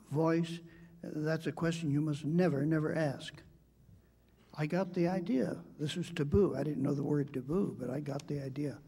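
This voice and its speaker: An older man giving a debate speech, telling a childhood story in a measured, hesitant way with frequent pauses. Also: a little high, creaky, warm tone, breathy edge, big-room sound.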